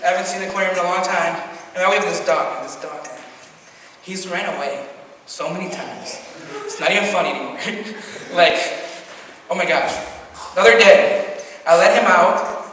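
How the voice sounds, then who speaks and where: A man's voice: high-pitched, moderate pace, pauses often, fairly bright tone. A teenage boy doing a stand-up comedy set, telling rambling stories with frequent giggles and ums. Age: teens. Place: school auditorium. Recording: echoey hall from far off, faint noise.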